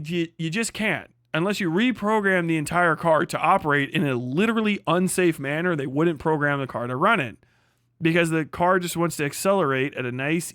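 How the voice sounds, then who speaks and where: Male streamer, profane scornful rant, slightly high voice, dry close mic. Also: no echo. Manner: swearing heavily, mocking, animated. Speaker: livestream host.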